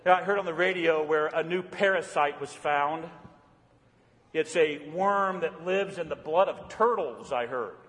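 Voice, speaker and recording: A man's voice: unhurried, fairly bright tone. Folksy male pastor in an echoing hall. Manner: storytelling, folksy, dropping low for earnest points. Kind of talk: sermon. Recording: long hall reverb.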